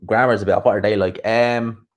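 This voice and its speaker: A man's voice: lowish voice, steady tone, normal speed. An Irish man hosting a boxing channel, chatting casually on a live stream, rambling and swearing freely.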